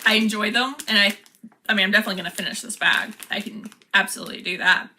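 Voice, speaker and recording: A woman's voice: mid-range voice, fairly even intonation, fast talker, pushed and bright, slight background noise. A woman chatting casually as she unboxes and taste-tests snacks, laughing often. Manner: chatty, laughs often, reads product cards aloud. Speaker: vlogger.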